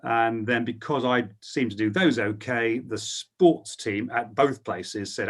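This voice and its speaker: A middle-aged sports broadcaster on a panel recounts his career story with plenty of ums, hesitant but anecdotal. His voice is medium-pitched and unhurried.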